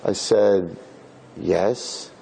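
A man, a rabbi, giving an inspirational talk to an audience, telling a story with lively acted-out dialogue and Hebrew and Yiddish terms. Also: low-pitched, extremely slow, gravelly, slight background noise. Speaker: rabbi and speaker.

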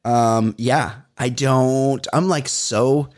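A middle-aged man co-hosting a comedy podcast in casual chat, acting out little exchanges with big swings in his voice. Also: very slow. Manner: animated, acts out exchanges with big pitch jumps. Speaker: podcast co-host.

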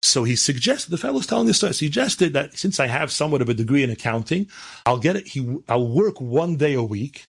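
A man's voice: medium pitch, sing-song, a little fast, creaky, husky. A man, a rabbi, tells stories in a sermon and builds them into fervent, emphatic exhortation, peppered with Hebrew and Yiddish terms. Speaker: rabbi and speaker. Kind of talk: storytelling sermon.

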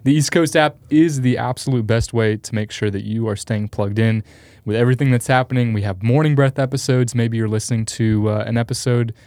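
Eager male co-host, promo delivery, mid pitch, dry sound. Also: fairly even intonation, fairly quick, darkish tone, no echo. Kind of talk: announcements on a church podcast.

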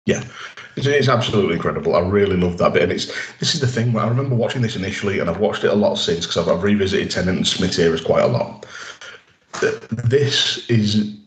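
A low-pitched man chatting on a podcast, rambling through an episode recap with plenty of ums and restarts. His voice carries a noticeable echo from the room around him. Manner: rambling, enthusiastic recaps with many fillers. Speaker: podcast co-host. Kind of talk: casual chat.

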